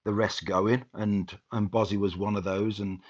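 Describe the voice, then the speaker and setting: A man's voice: fairly low pitch, little pitch movement, moderate pace. A man, a former footballer, reminiscing casually in a rambling way with many restarts. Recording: dull lo-fi sound.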